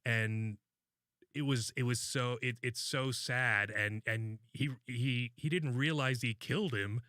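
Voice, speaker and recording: Male podcast co-host, bright voice, meandering and profane, dry studio sound. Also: mid-range voice, a little slow, no room sound. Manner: rambling, loose, swears often. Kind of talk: casual podcast chat.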